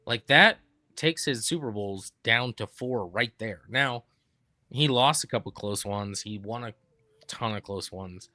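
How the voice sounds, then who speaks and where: Man, sports co-host, forceful bright tone, dry close mic, emphatic. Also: on the low side, unhurried, dry recording. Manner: emphatic, argues with stats, repeats points. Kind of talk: casual sports debate.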